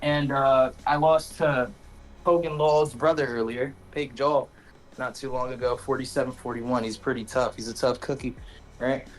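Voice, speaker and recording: A man's voice: mid-range voice, fairly even intonation, moderate pace, soft background music. A man being interviewed about a match, talking in a laid-back, rambling way and swearing now and then. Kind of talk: casual chat.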